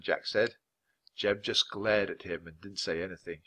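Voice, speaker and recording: A man reading a children's chapter book aloud for language learners, clear and measured. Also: on the low side, fairly bright tone. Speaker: storybook reader. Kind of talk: scripted narration for language learners.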